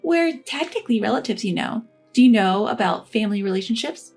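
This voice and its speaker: Picture a shrill, entitled sister-in-law, put on by a woman narrator in a storybook reading, her voice pitched well above the teller's own. She lectures and demands, condescending in every line. Soft music sits faintly under the read. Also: animated, brisk, vocal fry, breathy edge, heavily acted.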